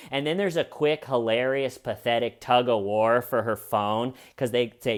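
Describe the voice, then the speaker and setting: A man of middling pitch giving comic true crime commentary. His delivery is sarcastic and animated, and he tells the story with dry asides. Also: a little fast, hardly any pauses.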